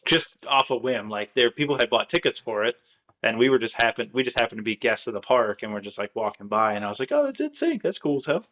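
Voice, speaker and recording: A Michigan man hosts a podcast, chatting casually and rambling through stories packed with filler words. His voice is lowish, steady and a bit bright, and he talks quickly.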